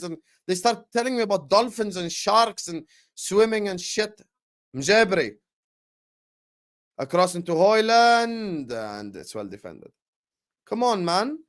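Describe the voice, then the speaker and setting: A young man hosting a live football watchalong, chatting with viewers and calling the play with slangy, excitable banter. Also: sits high, unhurried. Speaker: watchalong streamer.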